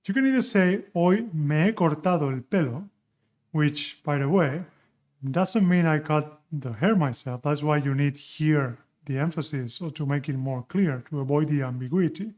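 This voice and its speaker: A man's voice: on the high side, moderate pace, a little mellow. A man with a Spanish accent, a native Spanish speaker, explaining grammar in a patient online lesson and correcting his own slips as he goes. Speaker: Spanish teacher.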